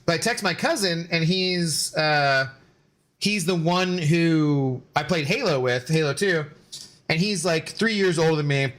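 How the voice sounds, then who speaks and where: A man's voice: on the high side, a little slow, fairly bright tone. A man in his forties streaming a game and rambling through stories in casual chat, loose with fillers and swearing.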